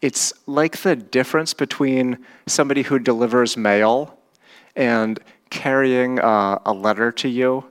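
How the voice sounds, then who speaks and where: This sermon comes from a male pastor with a medium-pitched voice who talks a little slowly. He keeps things conversational, often turning to the congregation with questions.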